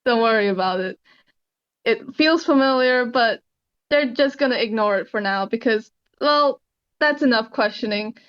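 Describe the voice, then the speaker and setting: A woman's voice: fairly high pitch, moderate pace, clean tone. Casual woman role-player, muffled mic. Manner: casual, rambling, swears. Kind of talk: describing actions in tabletop role-play.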